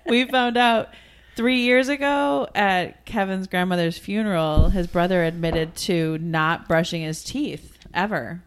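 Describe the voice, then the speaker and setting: A woman in her forties chatting casually, telling a story bluntly with quick asides. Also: fairly low pitch, steady tone, slight background noise. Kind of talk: casual chat.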